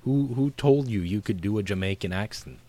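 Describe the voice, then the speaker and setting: A man with a low voice chats about a film on a podcast. He slips in wry asides and joking remarks. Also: animated, brisk, warm tone. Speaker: podcast co-host. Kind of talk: casual movie discussion.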